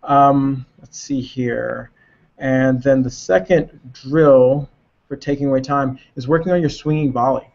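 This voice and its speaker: A man who coaches tennis, explaining drills in a casual webinar discussion and pausing to find his words. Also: mid-range voice, fairly even intonation, vocal fry, a little mellow. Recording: muffled lo-fi webinar audio.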